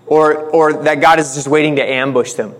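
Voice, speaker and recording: A pastor preaching a sermon in a casual, conversational way, joking and acting out the quotes. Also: male voice, a little high, fairly even intonation, moderate pace, long reverb tail.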